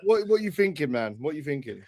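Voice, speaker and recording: A man's voice: a little high, sing-song, a little fast, darkish tone. A man debating football on a casual podcast, pressing his points and repeating words as he argues.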